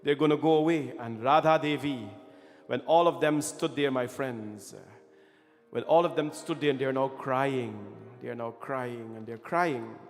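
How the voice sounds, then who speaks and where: A man's voice: mid-range voice, a little slow. A man telling a devotional story as a sermon, impassioned and often calling his listeners friends. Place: temple hall. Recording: reverberant hall with faint music.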